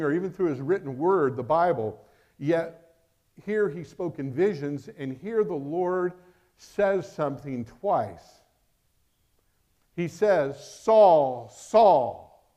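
A middle-aged man preaching a sermon as pastor, emphatic, swinging between loud declarations and hushed asides. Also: on the high side.

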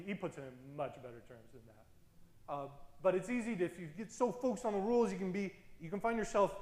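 A male pastor preaches in a loose, conversational way, laughing now and then and tossing in asides. His voice sits a little on the high side. The sound carries a noticeable room echo. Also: darkish tone. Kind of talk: sermon.

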